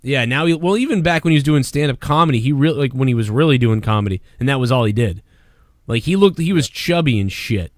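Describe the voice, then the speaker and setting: A man's voice: mid-range voice, lively intonation, fast, dry recording, studio quality. A man hosting a crude, profane podcast chat, rambling and mocking. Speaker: podcast host.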